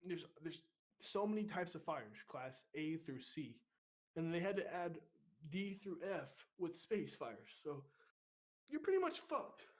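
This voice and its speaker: A man telling a boot camp story on a casual podcast, profane and animated, getting loud when he acts out what he said. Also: a little high, measured pace. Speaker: podcast co-host.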